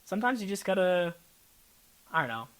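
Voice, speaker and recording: A young man with an American accent, a content creator chatting as an interview guest, telling stories in an animated way and acting out what people said to him. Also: sits high, fairly quick, clean tone. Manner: animated storytelling, acts out quoted people. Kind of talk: casual interview chat.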